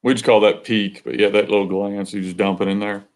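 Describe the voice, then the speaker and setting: Low-voiced male coach guest. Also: flat delivery, a little fast. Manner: brief, affirming interjections. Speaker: high school head football coach, guest. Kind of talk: casual coaching chat.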